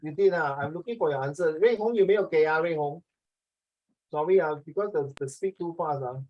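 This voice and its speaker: A man teaching an online English class over a video call, talking fast and jokingly, often ending his sentences with "ah" and "okay". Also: fairly high pitch, muffled recording.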